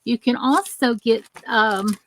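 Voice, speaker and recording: A woman's voice: on the high side, takes it slowly, slight background noise. Chatty woman hosting a live craft stream. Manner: chatty, greets viewers by name while working with her hands. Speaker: crafting channel host. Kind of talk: live crafting tutorial with viewer chat.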